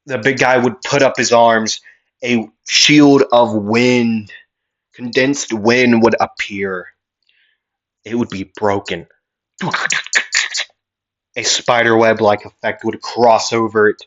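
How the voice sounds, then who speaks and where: Slow, rambling male fan storyteller. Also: on the low side, fairly even intonation, a bit bright, dull audio. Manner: rambling, with many fillers and restarts.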